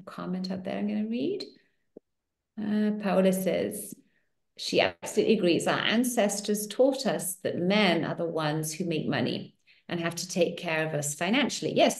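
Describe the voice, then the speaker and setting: A woman hosting an online circle, coaching listeners warmly through affirmations with animated, encouraging delivery. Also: medium pitch, creaky, reverberant. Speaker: host of a women's money circle. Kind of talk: coaching talk to an online group.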